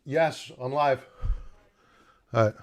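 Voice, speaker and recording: A man's voice: mid-range voice, slow. A middle-aged man hosts a live stock market stream. He is a bit out of breath, greets viewers by name and talks through market news in a casual way.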